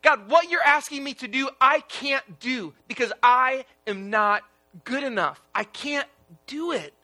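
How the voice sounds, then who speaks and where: A man's voice: sits high, normal speed, sharp tone. A man voicing Moses as an insecure, self-doubting man pleading with God during a sermon retelling. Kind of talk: sermon retelling with acted quotes.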